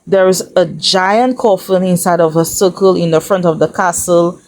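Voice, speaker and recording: Sassy lady doing a casual reality tv recap, kinda low voice, chatty. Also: fairly even intonation, moderate pace. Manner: sassy, chatty, talks straight to viewers.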